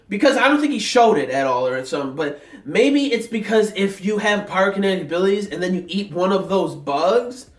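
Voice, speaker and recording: A young man excitedly rambling through an episode reaction, full of fillers and restarts. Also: high voice. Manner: rambling, filler-heavy talk, many restarts; excited, hyped. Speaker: anime reviewer. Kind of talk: casual episode reaction vlog. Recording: echoey room, mic set at a distance.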